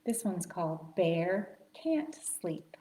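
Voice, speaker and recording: Library lady reading a bedtime story, slow and lively, echoey room. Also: fairly low pitch, a little hiss or hum. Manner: slow and expressive. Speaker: children's librarian. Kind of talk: picture book read-aloud.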